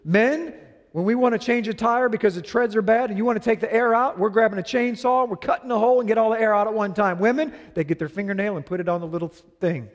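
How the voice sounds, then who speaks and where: Animated male pastor in a reverberant hall. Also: high voice, fast talker. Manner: animated storytelling, acting out both sides of a quarrel. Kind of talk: sermon.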